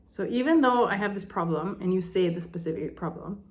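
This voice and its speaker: A young adult woman, a life coach, gently talks through an emotional tapping routine and speaks sample phrases aloud with sighs. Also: mid-range voice, animated, a little fast. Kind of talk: instructional tapping demonstration.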